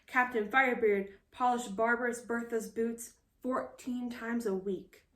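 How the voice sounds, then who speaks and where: A woman reading a children's picture book aloud in a lively, expressive storytelling manner. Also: on the high side, measured pace, recorded from a distance. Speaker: storybook reader. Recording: roomy echo.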